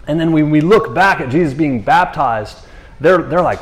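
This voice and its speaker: A man's voice: a little high, moderate pace. A man giving a casual, conversational sermon, slangy and full of restarts. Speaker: preacher.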